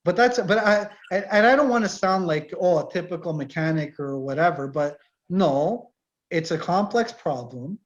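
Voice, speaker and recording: A fairly high-voiced middle-aged man, an automotive instructor, chatting over a video call with muffled, lo-fi sound. He talks animatedly and tells shop stories, acting out the customers. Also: normal speed. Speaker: automotive course instructor and mechanic. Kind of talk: casual online info session.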